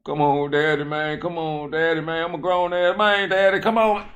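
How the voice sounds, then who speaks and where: A man's voice: level tone, moderate pace, fairly bright tone, close to an everyday voice. A man voicing a scared grown son who whines and pleads with his strict father. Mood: whining pleading. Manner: whiny, begging, high and strained.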